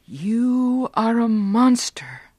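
A woman's voice: medium pitch, expressive, takes it slowly, darkish tone, dry recording, studio quality. A woman voicing an anguished young man. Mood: angry.

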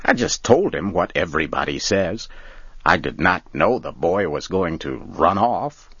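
A man's voice: low voice, big pitch swings, unhurried, fairly bright tone, slightly rough, no echo, full character voice. A man doing a stubborn, defensive man. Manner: curt, defensive. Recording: dull lo-fi recording.

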